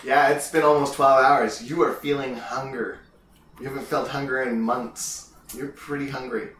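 A man running a tabletop game as dungeon master, narrating in a relaxed, rambling way. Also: mid-range voice, normal speed, slight background noise. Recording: roomy echo.

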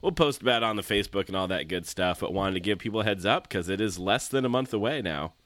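A man co-hosting a casual podcast, a little stuffy from a cold, relaxed and chatty. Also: on the low side, fast talker, no room sound. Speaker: podcast co-host.

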